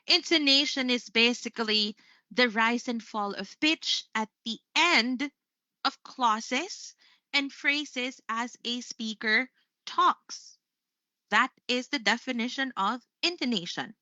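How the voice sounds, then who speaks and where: A woman's voice: on the high side, slow pace, sharp tone, no room sound. Filipino lady teaching english online, chatty, keeps saying right?, dry muffled mic. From Philippines. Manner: chatty, says "right?" after most points. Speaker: English lesson host. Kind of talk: live-streamed English lesson.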